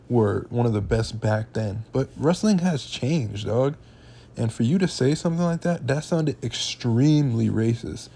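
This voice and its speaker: A young man gives a heated reaction rant, dropping slang as he goes. His voice sits in a mellow, warm register at an ordinary pitch for a man. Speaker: reaction channel host. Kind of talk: casual reaction commentary.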